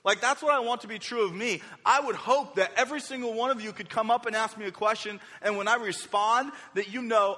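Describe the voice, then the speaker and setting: Young man, pastor, high bright voice, animated sermon, reverberant hall. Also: fairly quick, hardly any pauses. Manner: energetic, acts out quoted speakers with varying voices.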